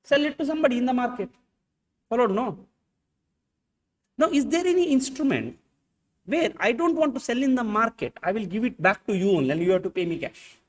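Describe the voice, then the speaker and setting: A man's voice: very high voice, sing-song, a little fast, long pauses, distant mic. A man with an Indian English accent teaching accounting in a classroom lecture, firing rhetorical questions at his students and acting out little dialogues.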